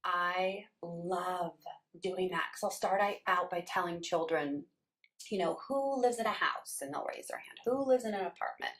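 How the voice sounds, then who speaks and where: A middle-aged woman who writes children's books, telling personal stories in a casual way and acting out the voices of people she quotes. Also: on the low side. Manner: animated, acts out quoted voices. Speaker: children's book author. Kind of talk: casual storytelling.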